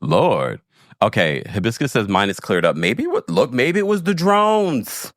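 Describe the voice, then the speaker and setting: Animated man hosting a livestream. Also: mid-range voice, a little slow, no room sound, clean studio sound. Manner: animated, laughing, talks straight to viewers. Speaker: livestream recap host reading chat. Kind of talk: casual livestream chat.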